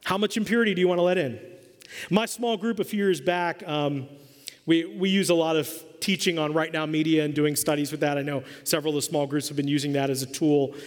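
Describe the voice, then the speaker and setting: A man's voice: a little high, fairly even intonation, brisk. A man preaching a sermon as pastor, emphatic and quizzing his congregation in a church hall. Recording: long hall reverb.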